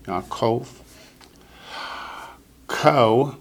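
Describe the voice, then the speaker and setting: A man teaches a class Hebrew vocabulary, speaking slowly and patiently and repeating each word for his students. His voice is medium in pitch.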